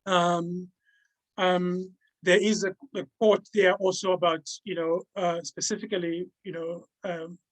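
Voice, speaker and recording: A man presenting his own book in an academic talk over a video call, halting and repeating words as he restarts his sentences. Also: sits high, level tone, poor audio.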